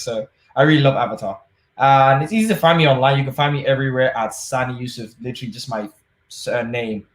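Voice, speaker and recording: A man's voice: medium pitch, echoey room. A man giving a casual, jokey tech talk over a video call. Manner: chatty, jokey, upbeat. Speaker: conference speaker.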